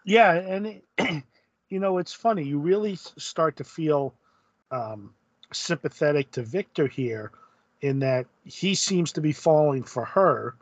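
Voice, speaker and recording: A man co-hosting a casual comic book podcast, speaking in a thoughtful, measured way. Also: fairly high pitch, lively intonation, no room sound. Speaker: podcast co-host. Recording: dull lo-fi sound.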